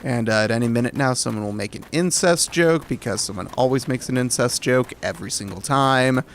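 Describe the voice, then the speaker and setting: With a mid-pitched voice and a slightly quick pace, an Alabama man chats casually with his stream viewers. He rambles, corrects himself as he goes, and lets out light chuckles, all over a slight hiss or hum.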